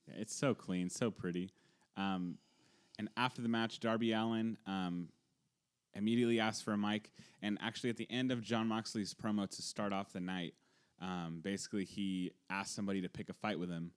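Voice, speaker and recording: Low smooth-voiced man, wry. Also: fairly even intonation, normal speed. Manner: wry, offhand jokes. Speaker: podcast co-host. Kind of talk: casual chat recapping wrestling.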